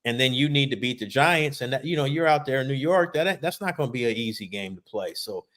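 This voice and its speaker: A man's voice: mid-range voice, lively intonation, fast, a bit bright. Frustrated man talking sports. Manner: frustrated, emphatic, repeats words. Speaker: podcast co-host. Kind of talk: casual sports chat. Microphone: remote video call.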